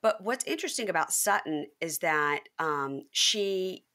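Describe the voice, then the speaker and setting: A woman host with a Mississippi Southern accent chats casually, spinning stories full of quick asides. Her voice is fairly low for a woman, yet bright and forward. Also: expressive. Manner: chatty storyteller, quick asides. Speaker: podcast host. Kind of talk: casual chat.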